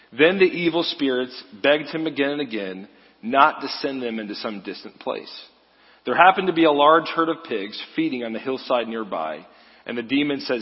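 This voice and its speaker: Guy preaching casual and jokey, kinda husky, lots of "like", big echo in the church. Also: medium pitch. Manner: casual, joking, uses "like" often. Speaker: guest preacher. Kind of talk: conversational sermon. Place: church sanctuary. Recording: echoey hall, slightly dull sound.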